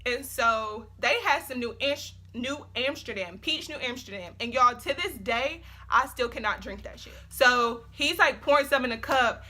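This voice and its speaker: Bright, high-voiced young woman vlogger. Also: moderate pace, hardly any pauses. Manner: animated, swearing, lots of slang and fillers. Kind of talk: casual storytime.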